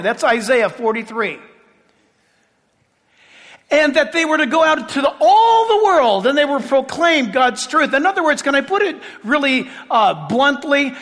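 A man preaching a sermon with passion, shouting at points and making sarcastic asides. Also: extremely high pitch, big pitch swings, measured pace, long reverb tail.

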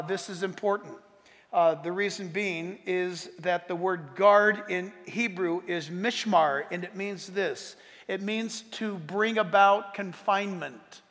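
A man preaching a sermon, reading scripture emphatically and dropping to quiet asides. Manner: emphatic, rises loud when reading scripture, drops low for asides. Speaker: pastor. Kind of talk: sermon teaching on Bible prophecy. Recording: echoey hall reverb.

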